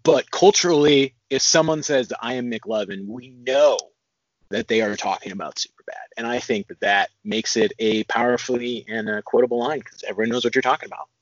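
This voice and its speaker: A man's voice: medium pitch, brisk, no room sound, dull audio. A young man co-hosting a casual film discussion podcast, thoughtful and analytical, with frequent ums. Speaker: podcast co-host.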